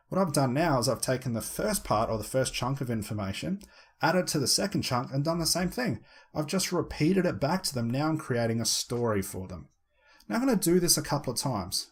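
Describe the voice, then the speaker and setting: A man coaching students in conversational hypnosis, repeating his points and dropping into a slow, soothing hypnotic voice for demonstrations. His tone is husky and slightly breathy at an ordinary male pitch. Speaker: hypnosis trainer. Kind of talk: instructional talk with spoken demonstrations.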